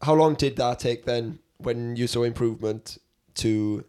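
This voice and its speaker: A man's voice: medium pitch, a little slow, a little mellow, clean tone. A man hosting a podcast, asking thoughtful questions in an earnest way. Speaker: podcast host. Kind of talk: casual interview.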